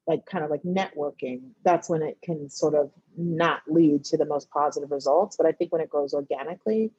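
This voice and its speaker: A woman in her thirties, a TV writer and director, talking casually as a guest and acting out her friends in sudden high-pitched bursts. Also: fairly quick, breathy edge, no echo, highs cut off. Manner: animated, acts out friends' voices in high bursts, laughs often. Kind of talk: casual conversation.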